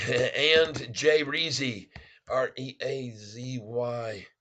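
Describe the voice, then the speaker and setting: A man hosting a live day-trading stream, excitedly calling out prices, placing orders and greeting viewers as "folks.". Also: mid-range voice, extremely slow. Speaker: stock trading livestream host.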